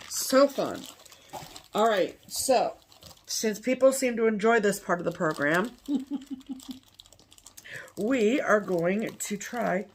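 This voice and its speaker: A woman co-hosting a casual chat in a husky voice. Her pitch moves a lot, and she keeps teasing and joking. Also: expressive, slow, pauses often. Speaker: co-host.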